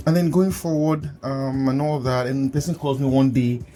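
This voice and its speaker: A man hosting a podcast, telling personal stories in an animated way, laughing often and acting out what people said to him. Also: mid-range voice, normal speed, slight background noise. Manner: animated storyteller, laughs often, acts out quotes. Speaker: podcast host and coach. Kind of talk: casual conversational chat.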